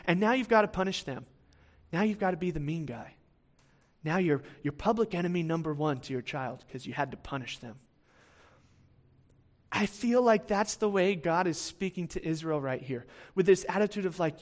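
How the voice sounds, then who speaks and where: A man's voice: high-pitched, moderate pace. A man preaching a sermon in a conversational way, checking in with his listeners and repeating words as he goes.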